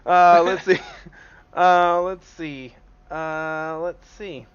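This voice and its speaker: A man's voice: high-pitched, fairly even intonation, extremely slow, smooth. A man running a tabletop game as game master, laughing often and swearing casually. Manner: laughing, loose and profane. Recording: dull lo-fi mic.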